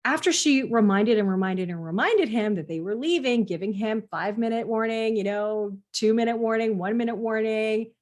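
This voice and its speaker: A woman's voice: a little high, normal speed, hardly any pauses, darkish tone. A middle-aged woman, a parenting coach, talking earnestly to parents in a conversational teaching style and sometimes acting out what parents and children say. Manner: earnest, explanatory, acts out quoted parents and kids.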